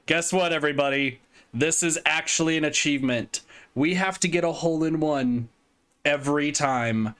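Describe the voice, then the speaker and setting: A man's voice: fairly high pitch, moderate pace, a bit bright, clear, resonant tone. A young man streaming a game, reading narration aloud in a playful, jokey way. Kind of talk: reading a visual novel aloud while streaming.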